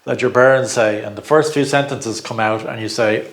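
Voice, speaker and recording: A man's voice: mid-range voice, steady tone, moderate pace. A middle-aged man giving an informal personal growth talk, chatty, laughing often and repeating words as he searches for them.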